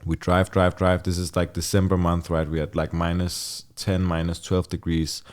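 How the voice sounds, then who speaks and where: A man's voice: sits low, moderate pace. A young man, a podcast guest telling a story casually, full of "like" and swearing, laughing as he goes, in a studio. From Denmark. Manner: animated, laughing storyteller, heavy use of "like", swears freely.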